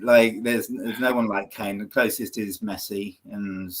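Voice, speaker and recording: Host, man, lowish voice, earnest rambling talker. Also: fairly even intonation, unhurried, a little hiss or hum. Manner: rambling, filler-heavy, earnest. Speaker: podcast host. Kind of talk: casual football chat.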